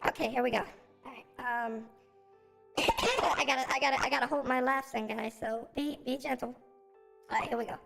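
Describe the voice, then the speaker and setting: A man using a voice changer to put on a sexy female gamer voice, teasing and breathy. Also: very high voice, animated, normal speed, over music, voice pushed up, heavily acted. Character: sultry female catfish gamer voice.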